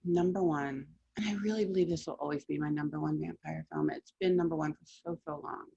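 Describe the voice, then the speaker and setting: A woman's voice: low voice, steady tone, brisk, creaky, mellow, breathy edge, dull audio. A woman hosting a casual countdown of favorite horror films, chatty and enthusiastic with playful asides. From lived in New England. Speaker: horror film commentator. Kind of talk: casual film countdown commentary.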